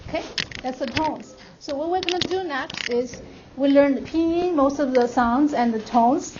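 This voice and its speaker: High-voiced woman teaching tones in a classroom. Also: moderate pace. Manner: demonstrates tones by drawing out and singing vowel sounds. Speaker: language teacher. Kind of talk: classroom instruction. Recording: lo-fi classroom recording with clear noise.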